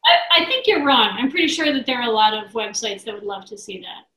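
A woman's voice: fairly high pitch, sing-song, fast talker, bright, forceful tone. A woman guest bantering playfully and teasing the host. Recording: roomy echo.

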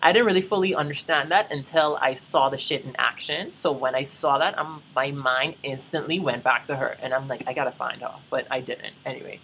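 A young Bahamian vlogger talks straight to viewers, addressing them as y'all, in a rambling, chatty travel story full of asides. The mid-range voice is pushed and bright, fairly quick with hardly any pauses. Slight background noise sits on a rough recording.

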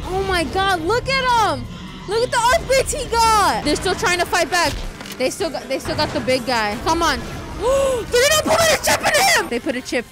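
A woman with a very high voice hosts a reaction video, excitable and quick to gasp and shout in surprise. The soundtrack of the video she's watching plays loudly behind her.

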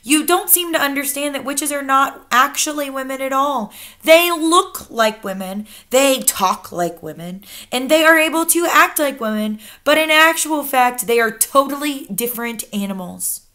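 A woman's voice: high-pitched, animated, moderate pace, pushed and bright, pitched above the performer's own voice. A woman reading aloud the part of a stern, wise old grandmother, in a firm, matter-of-fact way. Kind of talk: children's book read-aloud.

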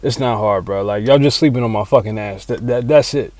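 A man hosting his own solo podcast, rambling and excitable, swearing constantly as he talks. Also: mid-range voice, brisk, no room sound. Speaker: podcast host. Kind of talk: casual solo podcast monologue.

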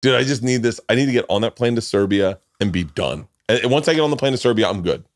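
Animated and quick, a medium-pitched man in his forties hosts a podcast of casual storytelling chat. The clean studio sound has no room noise, and he rambles profanely while laughing at his own jokes.

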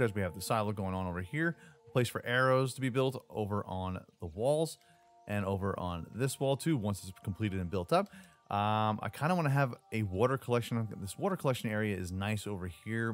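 A man giving casual, jokey commentary while playing a survival building game, often taunting the creatures he fights. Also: lowish voice. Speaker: gaming YouTuber.

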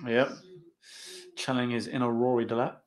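A man's voice: medium pitch, fairly quick. A man hosting a live football watch-along, chatting and calling out the play as it happens. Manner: excitable, calls out play as it happens. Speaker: channel host.

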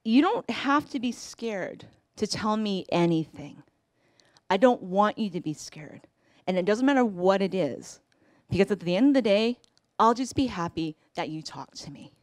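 A woman in her forties telling a personal story on a live storytelling stage, conversational, with pauses and self-corrections. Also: mid-range voice, expressive, no room sound, studio quality.

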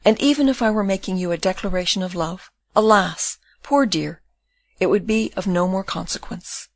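A woman reading the part of a condemned young man in prison, speaking in a tender, calm and consoling way. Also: medium pitch, moderate pace, no room sound, natural voice.

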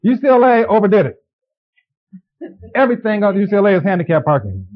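Heard on a dull, lo-fi recording reminiscent of an old church-service tape, this pastor has a notably high, sing-song voice. His sermon is conversational, with quick questions directed at the congregation.

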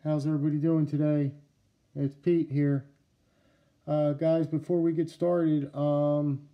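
A man with a New Jersey accent, talking casually to camera about his knife collection, halting with many fillers and restarts. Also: fairly high pitch, level tone, muffled recording.

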